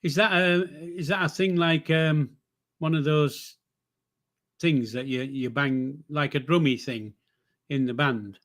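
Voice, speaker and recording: A slightly high, steady, fairly bright voice belongs to an older man from northern England who speaks slowly while hosting a laid-back livestream. He reads the chat, cracks jokes, and rambles, with lots of fillers and self-corrections.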